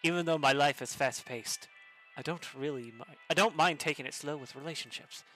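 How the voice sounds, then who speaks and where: A man voicing a cheesy, smooth-talking man writing dating-site messages, read in a soft, hammy romantic tone. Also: on the high side, brisk, soft background music.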